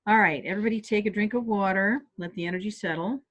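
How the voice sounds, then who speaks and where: A woman calmly guiding listeners step by step through a stress relief tapping exercise on a video call. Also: mid-range voice, quick pace. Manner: calm step-by-step coaching. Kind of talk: guided tapping exercise instruction. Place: home office on a webinar.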